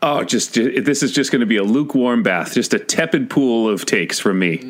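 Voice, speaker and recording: A man's voice: mid-range voice, expressive, brisk. Dry, sardonic male co-host. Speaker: podcast co-host. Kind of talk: casual chat.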